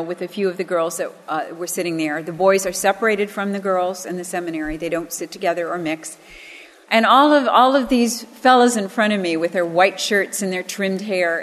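A woman's voice: on the low side, long reverb tail. A woman teaching from the Bible in an earnest, storytelling manner, pressing hard on key phrases and weaving in personal stories.

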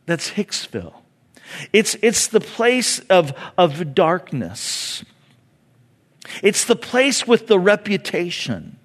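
Animated man preaching a sermon. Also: high-pitched. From California. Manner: animated, conversational preaching with dramatic pauses. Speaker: pastor.

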